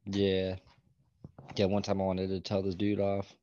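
A man's voice: low-pitched, monotone, unhurried, dark tone, a little hiss or hum. A man in casual podcast chat, laid-back, asking short questions and giving short replies. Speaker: podcast co-host. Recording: dull lo-fi mic.

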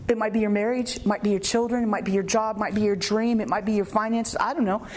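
A woman preacher giving an animated, conversational sermon, acting out quotes and laughing often. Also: medium pitch, fast talker, a little hiss or hum.

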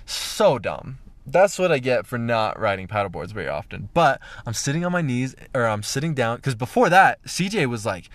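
A man's voice: medium pitch, sing-song, normal speed, hardly any pauses, dry recording. A young man telling a profane, rambling story about a mishap, with lots of fillers. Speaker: vlogger. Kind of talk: casual storytelling.

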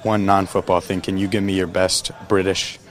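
A man's voice: low-pitched, level tone, moderate pace, music in the background. A man, a sports reporter asking a player questions, who often stumbles and repeats words when starting a question. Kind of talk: locker-room interview questions.

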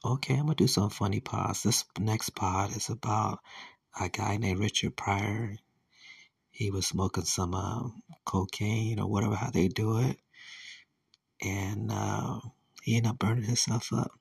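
Deep gravelly laid-back podcast man. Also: fairly even intonation, measured pace, no echo. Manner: laid-back, drawling, slangy. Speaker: podcast host. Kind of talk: casual chat. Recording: dry and distant from the mic.

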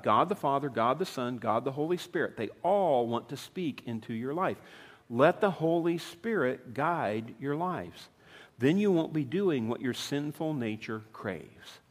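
A man in his fifties preaching a sermon in a conversational way, asking his listeners questions. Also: mid-range voice. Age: 50s. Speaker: pastor. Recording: long hall reverb.

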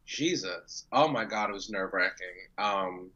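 A man's voice: fairly low pitch, normal speed. A man chats in an interview, telling his story with lots of life, throwing in curse words and playing out the voices of people he quotes. The sound is dull and lo-fi. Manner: animated, swears freely, acts out quotes. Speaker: professional wrestler guest. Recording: dull lo-fi audio.

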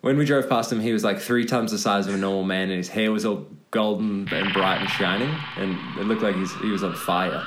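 A young man talking on a casual comedy podcast. He jokes and riffs, piling exaggeration onto his stories. His voice sits a little low for a man. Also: fairly even intonation, fairly quick, hardly any pauses, fairly bright tone, a little hiss or hum. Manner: joking, riffing, playful exaggeration. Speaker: podcast co-host.

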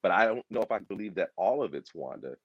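Here a deep-voiced man with a breathy edge talks fast and casually about a TV series. His delivery rambles with animation, full of repetition and acted-out quotes. The recording has no room sound and its highs are cut off.

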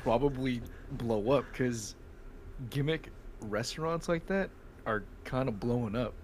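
A man's voice: medium pitch, unhurried, a little hiss or hum. A young man chatting casually on a podcast, easygoing, with some hesitant restarts. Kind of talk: casual chat.

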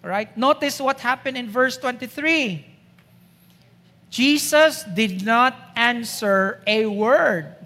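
Slow emphatic woman preacher. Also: fairly high pitch, fairly bright tone. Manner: emphatic, rhetorical questions. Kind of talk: sermon. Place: church. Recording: echoey church hall.

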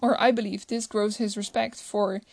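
A woman's voice: mid-range voice, fairly even intonation, moderate pace, dry recording. A woman chatting casually about a movie she loves, gushing and rambling, often restarting her sentences. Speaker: movie reviewer. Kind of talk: casual chat.

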